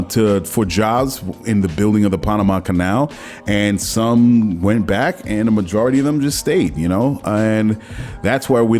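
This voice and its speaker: Low-voiced man chatting solo, music faint. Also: a little mellow. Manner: rambling, conversational, many fillers and restarts. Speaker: podcast host. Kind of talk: casual solo talk.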